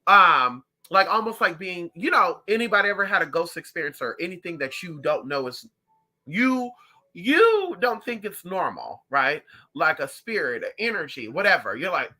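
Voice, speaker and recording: Sassy, very bright-voiced psychic vlogger. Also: normal speed. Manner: sassy, calls viewers honey and girl; animated, swings up and down in pitch. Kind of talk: casual chat to viewers.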